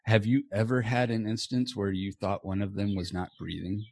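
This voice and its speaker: A man's voice: on the low side, flat delivery, moderate pace, vocal fry, a little mellow, dry recording. A man hosting a podcast from a small home office, chatting loosely and casually with a guest and swearing now and then. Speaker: podcast host. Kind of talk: casual chat. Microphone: earbuds.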